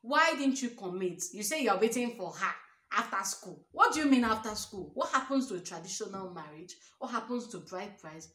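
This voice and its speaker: A woman's voice: mid-range voice, expressive, moderate pace, fairly bright tone. A young Nigerian woman vlogging relationship advice, emphatic and preachy, firing off rhetorical questions. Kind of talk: storytime advice monologue. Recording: roomy echo.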